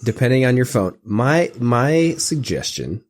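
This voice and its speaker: A man's voice: medium pitch, very animated, a little slow. Hesitant, chuckling podcast guy. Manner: hesitant, chuckling, full of ums. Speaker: podcast co-host. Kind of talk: casual chat.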